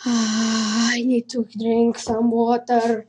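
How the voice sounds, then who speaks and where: Brief: a non-native woman gamer with a high voice, slow and jumpy horror playthrough commentary, heavy swearing. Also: slightly rough. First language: not English. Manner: jittery, swears a lot, hums nonsense to stay calm. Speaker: let's play gamer.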